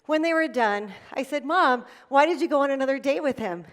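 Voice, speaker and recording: A middle-aged woman delivers a motivational speech from a stage in a fairly high voice. She tells stories with emphasis and keeps coming back to the same catchphrases. It is lively, persuasive public speaking. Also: a little fast, big-room sound. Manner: emphatic, storytelling, repeats key phrases. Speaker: keynote speaker. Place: event stage before an audience.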